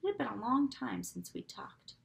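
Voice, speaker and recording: A woman reading a novel aloud with expressive storytelling, often dropping to a whisper for asides. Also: a little high, normal speed, creaky, rough recording. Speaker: reader.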